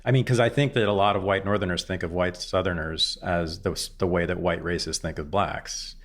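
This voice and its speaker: A man hosting a casual podcast interview, animated and blunt, swearing freely and jumping up in pitch when surprised. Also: brisk. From San Francisco Bay Area. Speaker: podcast host.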